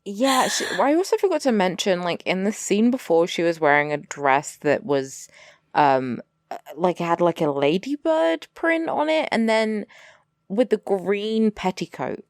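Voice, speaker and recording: Wry, lively woman on a dry close mic. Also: medium pitch, measured pace, no echo. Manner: chatty, wry, quotes characters with exaggerated voices. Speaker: podcast co-host. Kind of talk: casual chat recapping a TV episode.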